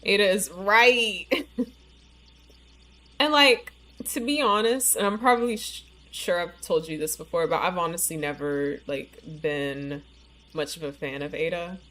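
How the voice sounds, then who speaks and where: A woman's voice: lowish voice, a little slow, fairly bright tone. A woman streaming a game live, chatting casually with lots of "like" and "you know", her speech a little slurred from a bitten tongue. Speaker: livestream gamer. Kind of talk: casual live-stream chat while playing.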